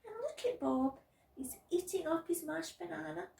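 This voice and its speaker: A woman voicing a patient, tired mother who scolds calmly in a storybook reading. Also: extremely high pitch, moderate pace, gravelly, roomy sound, distant mic, voice pushed up, full character voice. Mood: weary. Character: patient, weary mother of a little girl.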